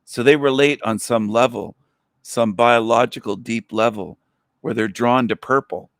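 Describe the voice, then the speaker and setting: A man's voice: medium pitch, unhurried, no room sound, clean studio sound. A man hosting a livestream, talking in a mocking, rambling, crude way. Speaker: livestream host. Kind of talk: casual livestream monologue.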